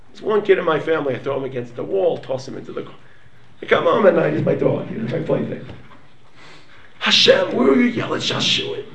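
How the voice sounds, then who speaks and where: High-voiced rabbi lecturing dramatically. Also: male voice, echoey room, distant mic, a little hiss or hum. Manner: dramatic, swings from murmurs to near-shouts. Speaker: rabbi teaching a class. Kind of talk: animated Torah lecture.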